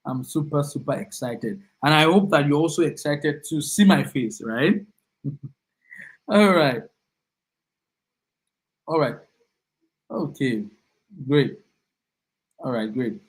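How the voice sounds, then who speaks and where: Running a live online class, an upbeat young Nigerian-accented man chats away, welcoming each student individually and repeating himself often. He sounds animated, with a voice slightly higher than typical for a man. His pace is slow with long pauses, on a low-quality recording.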